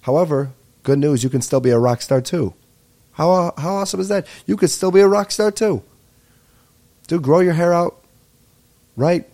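Rambling young podcast host. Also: male voice, a little high, normal speed, long pauses. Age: 20s. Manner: rambling, excitable and profane. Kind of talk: comedic podcast monologue.

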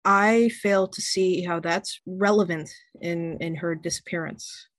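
A woman voicing a grim middle-aged tavern-keeper father, speaking low and clipped in a tabletop game. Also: steady tone, a little slow, no echo, close to an everyday voice. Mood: cold.

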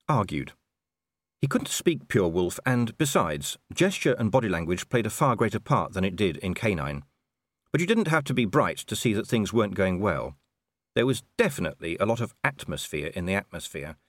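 A man reading an audiobook aloud in scripted narration, measured and expressive. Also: lowish voice, dry recording.

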